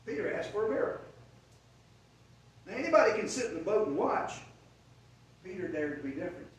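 A man's voice: sits high, very animated, brisk. A man preaching a sermon, retelling a story with dramatic swells in volume. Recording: echoey room from far off, faint noise.

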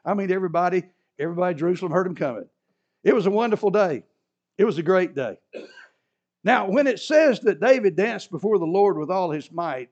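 A man preaching a sermon, his voice pitched high and swinging animatedly up and down. He reads scripture and breaks into chuckling asides. The recording is dull and lo-fi. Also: a little mellow. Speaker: pastor. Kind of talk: sermon with Bible reading.

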